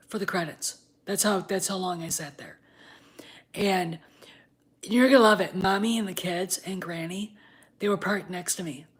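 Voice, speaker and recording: A vlogger in her fifties rants casually while drinking wine, glass in hand. She swears a lot, swinging between low muttering and loud, heated outbursts.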